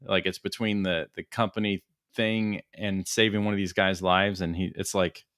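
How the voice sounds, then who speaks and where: A man's voice: low voice, steady tone, normal speed, a bit bright, no echo. A man co-hosting a casual chat, joking with a dry sense of humor. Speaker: co-host.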